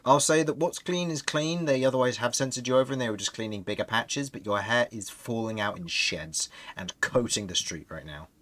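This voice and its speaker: A man's voice: medium pitch, fairly quick, hardly any pauses, fairly bright tone. A man narrating as game master of a tabletop game, describing scenes with frequent restarts.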